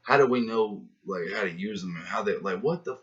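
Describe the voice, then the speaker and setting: A man talking in a rambling, profane, slangy monologue about life and philosophy, getting animated as he acts out his own inner voices. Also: lowish voice, fairly quick. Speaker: rapper musing to camera. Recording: dull lo-fi sound.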